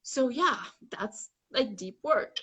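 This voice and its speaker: A woman's voice: fairly high pitch, expressive, slow pace, fairly bright tone, breathy edge. Frank, filler-heavy woman guest; casual spiritual chat. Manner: rambling with many "like" fillers, frank and blunt with swearing; acts out inner voices dramatically. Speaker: guest facilitator.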